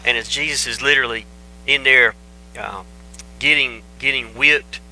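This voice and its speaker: A man preaches with a sharp, bright, forceful voice. He hammers his points home by repeating short phrases. It is a plain, earnest church sermon. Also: mid-range voice, steady tone, moderate pace, rough recording. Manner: emphatic, repeats phrases for stress. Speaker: pastor.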